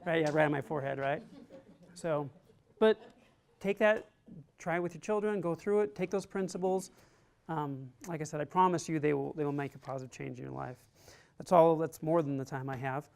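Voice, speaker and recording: A man's voice: on the high side, brisk, creaky, darkish tone, clear, resonant tone. A man teaching a resilience class who talks in an informal, chatty way, full of "like," and sounds earnest and encouraging. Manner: informal and chatty, heavy use of "like". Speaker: army resilience trainer. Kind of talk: classroom lecture with a personal story.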